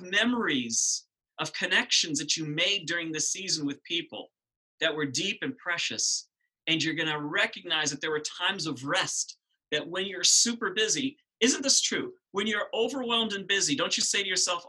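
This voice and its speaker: A middle-aged male pastor preaching an Easter sermon, conversational and animated, often asking the congregation questions. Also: high voice, normal speed, breathy edge, low-quality recording.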